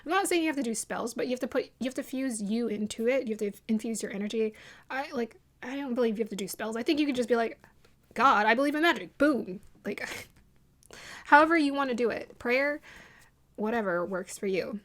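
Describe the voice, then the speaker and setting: A woman's voice: a little high, a little fast. Chatty, rambling woman reading tarot cards. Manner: chatty and rambling, laughs at her own drama; restarts sentences often, many fillers. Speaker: tarot reader. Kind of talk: casual intuitive tarot reading to camera.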